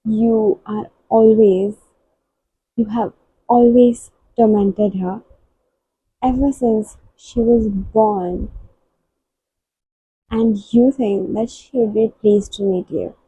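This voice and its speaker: A woman book vlogger giving soft, halting and emotional reactions while reading. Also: on the high side, fairly even intonation, slightly rough, no room sound, phone-quality sound.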